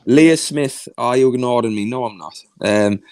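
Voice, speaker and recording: A man's voice: medium pitch, normal speed, darkish tone, dry recording. Male stream host, mid voice, dry close mic, indignant and reading chat. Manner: indignant, reads out chat comments.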